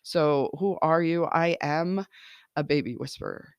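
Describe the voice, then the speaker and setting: Woman, 30s, life-coach podcast host; gravelly fry, dry close sound, chatty and encouraging, laughs a lot. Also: sits low, a little slow, a little mellow, no room sound, dull audio. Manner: encouraging, laughs often, many "like" and "right?" fillers. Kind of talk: casual podcast monologue.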